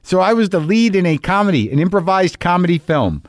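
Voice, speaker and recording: A middle-aged man hosting his podcast, rambling through a casual monologue with halting restarts and sudden profane bursts of enthusiasm. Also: sits high, lively intonation, dry recording, studio quality. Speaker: podcast host.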